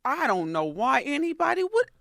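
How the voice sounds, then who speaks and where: A podcast co-host chatting casually in an animated, expressive way, reading a fact aloud and reacting with laughter. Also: high voice, normal speed, gravelly, no echo, clean studio sound. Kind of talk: casual chat.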